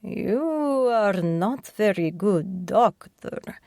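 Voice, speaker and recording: A woman voicing a menacing old Russian crime boss, with a thick Russian accent, drawling slowly and condescendingly in an audiobook. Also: mid-range voice, animated, creaky, darkish tone, dry recording, clean studio sound, pitched above the performer's own voice, full character voice. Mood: scornful.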